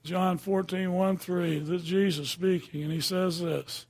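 A man's voice: sits high, fairly even intonation, measured pace, husky. An older man preaching a sermon in a folksy, conversational way, often checking in with his listeners.

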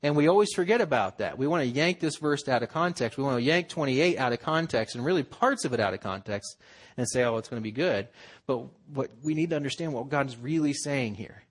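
A man's voice: mid-range voice, lively intonation, a little fast, slightly rough. A man preaching a sermon in an earnest, conversational way, acting out quotes as he goes. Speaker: pastor.

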